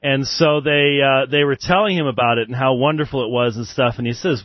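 A man's voice: mid-range voice, brisk, no echo. A man hosting a radio call-in show, chatting casually with callers, often chuckling and full of fillers. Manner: lively, chuckling, many fillers. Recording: dull dry radio sound.

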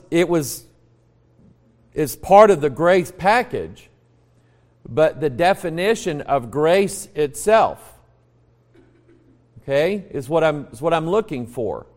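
A man with an American accent, a pastor teaching a Bible class in a folksy, storytelling way, quizzing the group and restarting phrases. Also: on the high side. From United States. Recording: long reverb of a large room.

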